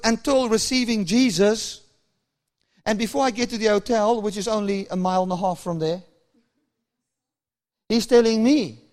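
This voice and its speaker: Male preacher, high register, storytelling sermon that acts out the dialogue. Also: a little mellow. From South Africa. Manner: storytelling, acting out dialogue with chuckles.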